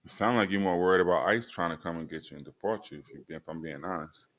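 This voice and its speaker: Deep-voiced laid-back male host. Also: fast talker, fairly bright tone, no echo. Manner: laid-back, slangy, joking. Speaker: podcast host. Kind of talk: casual chat. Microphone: remote stream mic.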